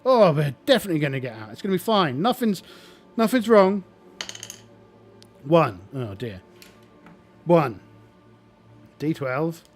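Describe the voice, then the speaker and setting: A man's voice: fairly high pitch, big pitch swings, unhurried, long pauses, soft background music. A man playing a solo tabletop game, muttering his dice rolls and narrating hesitantly.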